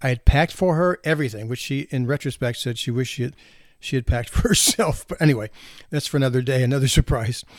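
A man's voice: medium pitch, fast talker, no echo, clean studio sound. A man in his sixties, a physician, telling anecdotes about marriage and parenting in a casual way, chuckling now and then. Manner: anecdotal, with laughter and restarts. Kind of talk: casual storytelling talk.

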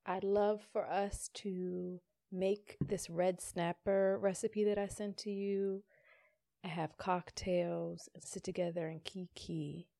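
A woman's voice: lowish voice, takes it slowly, gravelly, no room sound. Tipsy, boisterous woman podcast co-host, dry close mic. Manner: loud, animated, tipsy and playful. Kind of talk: casual chat.

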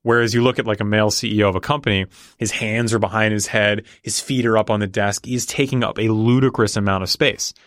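Fast-talking man, low voice, dry sound. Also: steady tone, a bit bright, no room sound. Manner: fast, confident, explanatory. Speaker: negotiation guest. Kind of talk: casual conversation.

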